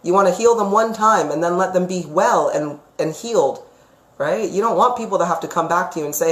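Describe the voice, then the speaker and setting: A woman's voice: on the low side, a little fast. Chatty woman psychic in an echoey room. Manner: chatty, emphatic, ranting at times. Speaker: psychic reader. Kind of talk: live-stream Q&A with pendulum readings.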